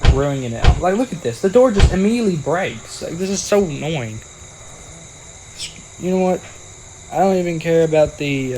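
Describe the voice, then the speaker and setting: A man's voice: medium pitch, darkish tone, a little hiss or hum, rough recording. A young man giving casual, playful commentary over a video game and joking with the characters on screen. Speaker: gaming video creator.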